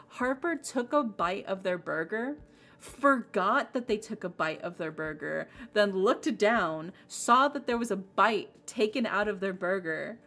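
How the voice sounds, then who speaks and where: A woman's voice: medium pitch, lively intonation, a little slow, fairly bright tone, soft background music. A woman streaming a game, chatting casually and rambling with lots of fillers. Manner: bubbly, rambling with many fillers. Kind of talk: casual livestream chat.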